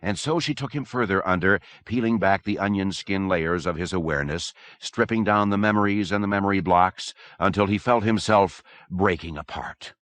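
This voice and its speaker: Deep-voiced male audiobook narrator. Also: moderate pace, hardly any pauses, fairly bright tone. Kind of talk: scripted narration.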